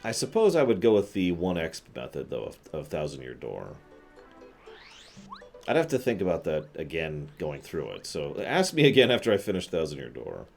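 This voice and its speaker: A man's voice: low voice, huge pitch swings, normal speed, gravelly, a little mellow, soft background music. A man streaming a game, chatting casually and reading viewers' comments. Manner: laid-back, chatty.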